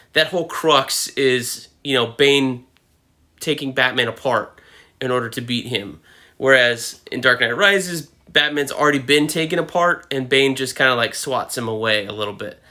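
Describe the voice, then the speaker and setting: A man's voice: medium pitch, bright, forceful tone. A man hosting his own comic book video channel, giving casual, rambling commentary full of fillers and self-corrections.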